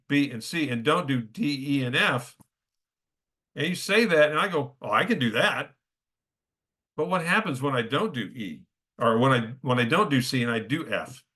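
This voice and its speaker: A man's voice: medium pitch, a bit bright. A middle-aged man preaching a sermon in a conversational way, often checking in with his listeners. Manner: conversational, keeps checking in with "okay?".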